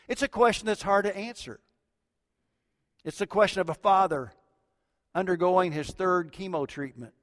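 A middle-aged man preaching a sermon as a pastor, swinging between loud emphatic lines and hushed low ones. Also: normal speed, long pauses. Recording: long hall reverb.

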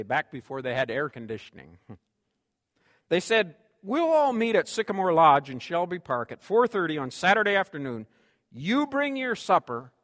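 A man preaching a sermon in a church, lively, with humorous asides. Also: a little high, studio quality. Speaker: pastor. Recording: long hall reverb.

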